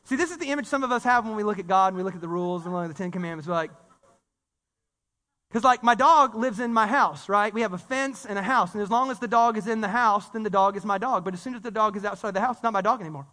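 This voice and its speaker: A man preaching a casual, animated sermon, full of story and slang, with frequent repeated words. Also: extremely high pitch. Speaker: pastor. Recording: long reverb of a church hall.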